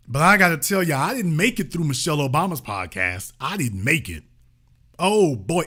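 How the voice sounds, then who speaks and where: A man's voice: on the high side, a bit bright. A man hosting a political commentary show, delivering an emphatic, sarcastic, colloquial monologue. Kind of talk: opinionated monologue.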